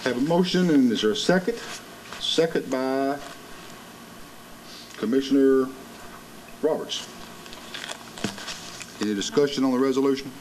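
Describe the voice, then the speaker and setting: A man's voice: medium pitch, a little slow, long pauses, darkish tone, slight background noise, poor audio. A man with a Southern American accent chairing a county commission meeting, calling votes in a formal, procedural way. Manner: formal, procedural vote calls.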